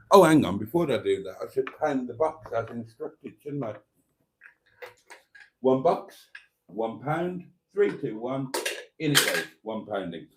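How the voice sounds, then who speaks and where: A man hosting a live stream, chatting casually as he reads out viewer comments in a camp, teasing way with frequent laughs. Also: medium pitch.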